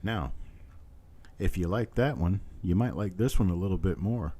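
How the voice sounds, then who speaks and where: A man hosting a live coin auction, calling bids over and over in a steady chant. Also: low voice, normal speed, breathy edge. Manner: repetitive bid-calling chant with playful tongue twisters. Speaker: auctioneer host.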